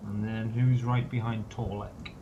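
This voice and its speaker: A man's voice: lowish voice, flat delivery, measured pace. A man narrating a tabletop game as game master, in a descriptive, dry and wry manner. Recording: dull, noisy online call audio.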